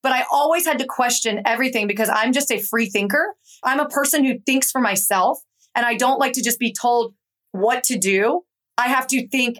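A young adult woman from Georgia, a guest author telling her story in an animated, conversational interview. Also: on the high side, moderate pace. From Atlanta, Georgia. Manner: animated, acts out quoted voices in her stories.

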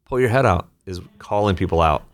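A man being interviewed as a leadership author, telling stories in quick animated bursts. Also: sits low. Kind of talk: podcast interview conversation.

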